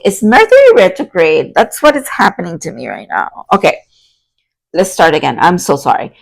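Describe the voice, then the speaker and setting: A young woman giving a tarot card reading to her viewers, excitable and prone to loud outbursts and laughter. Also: medium pitch, low-quality recording. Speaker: tarot reader.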